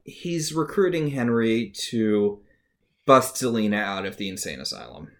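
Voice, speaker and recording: A podcast co-host speaking at an ordinary middle pitch in casual recap chat. The delivery is dry and wry, with understated jokes. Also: animated, measured pace.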